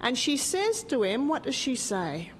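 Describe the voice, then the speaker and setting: A woman's voice: sits high, measured pace. A middle-aged woman teaching a Bible lesson as a story and quizzing her group so they fill in the blanks. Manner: lively, asks the group questions and waits for answers. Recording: reverberant hall with faint background noise.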